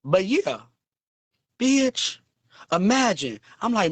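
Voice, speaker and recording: A man hosting a casual livestream, talking in a flamboyant, sassy and profane way, with big swings in pitch. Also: expressive, normal speed, fairly bright tone, no room sound. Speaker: livestream host.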